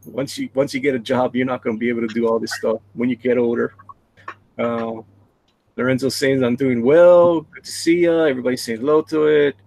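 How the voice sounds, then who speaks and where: A man's voice: medium pitch, steady tone, fast, gravelly, darkish tone, no room sound, poor audio. A man hosting a casual live drawing stream, chatting and reading viewer messages aloud.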